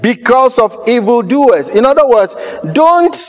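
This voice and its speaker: A pastor, preaching a sermon with emphatic repetition. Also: male voice, high-pitched, animated, moderate pace, a little mellow, big-room sound. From Ghana. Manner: emphatic, repeats key phrases.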